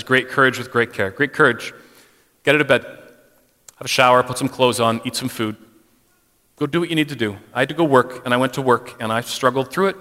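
A man's voice: medium pitch, pushed and bright. Frank man speaking in a reverberant church. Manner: conversational, frank, personal, uses "like" often. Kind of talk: candid church talk on mental health. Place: church sanctuary. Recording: long hall reverb.

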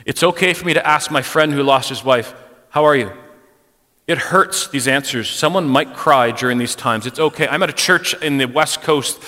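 Addressing a church congregation from the sanctuary, a middle-aged man gives a candid talk on mental health, speaking frankly and personally with frequent casual "like"s. His medium-pitched voice is bright and forceful at a normal speed, and the hall adds a long reverb.

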